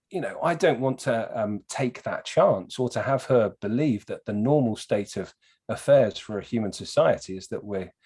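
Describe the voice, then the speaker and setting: Man, podcast guest, lively storyteller who swears a lot. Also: lowish voice, husky. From England. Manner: animated storyteller, swears freely. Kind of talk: casual podcast chat.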